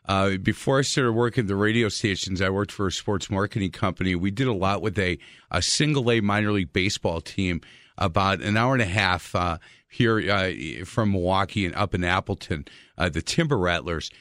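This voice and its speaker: A chatty male radio host talking into a studio microphone. The sound is dry and close, and he tells his stories in a relaxed, talkative way. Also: sits low, a little fast, no echo. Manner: chatty storyteller, laughs at his own tales. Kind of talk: casual radio talk.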